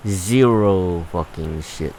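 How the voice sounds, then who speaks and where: A man's voice: low-pitched, takes it slowly, noisy background. A man giving laid-back, rambling gameplay commentary, swearing freely as he plays. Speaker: gameplay streamer.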